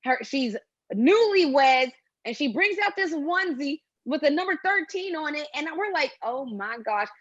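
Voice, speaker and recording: A woman with a high voice hosts a relaxed podcast chat and tells stories with lots of life, acting out what each person said. The sound is dry and a little dull, as if from a lo-fi recording. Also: normal speed, no room sound. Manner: animated storytelling, acts out quotes. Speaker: podcast host. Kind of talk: casual chat.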